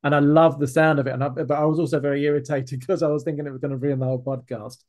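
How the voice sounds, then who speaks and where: A man's voice: on the high side, level tone, racing, a little mellow. A man hosting a podcast interview who responds easily and laughs often, speaking into a filtered podcast mic. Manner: easy, laughs often, brief backchannels. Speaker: podcast host.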